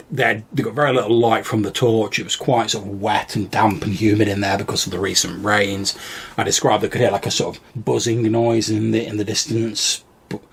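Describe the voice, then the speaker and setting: Man, game master, casual rambling storytelling, low pitch, husky rasp. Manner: rambling, many fillers and restarts. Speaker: podcast co-host and game master.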